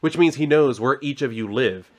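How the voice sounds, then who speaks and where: A calm, ruthless male hired killer states his plans in flat, clipped, matter-of-fact lines, as a man reads him out from a comic. The voice stays at a plain middle pitch. It is a relaxed reading rather than a full performance. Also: moderate pace, lightly acted. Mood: cold.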